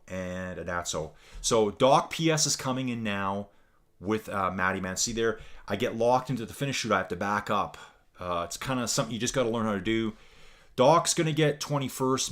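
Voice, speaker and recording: Casting: chatty middle-aged man from Canada, casual race caller, mid-pitched voice. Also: fairly bright tone. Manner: chatty and upbeat, keeps saying folks. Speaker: virtual race commentator.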